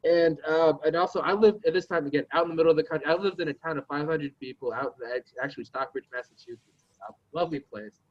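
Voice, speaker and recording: Оживлённый мужчина, рассказывающий историю с матом. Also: male voice, fairly high pitch, fast, highs cut off. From New York, USA. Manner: animated, profane, self-mocking. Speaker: podcast guest. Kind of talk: casual storytelling.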